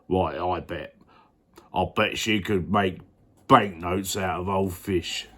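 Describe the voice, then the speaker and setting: A man voicing a boastful miller who brags about his daughter in a low, gruff voice. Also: takes it slowly, sharp tone, full character voice. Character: boastful old miller, father of the girl.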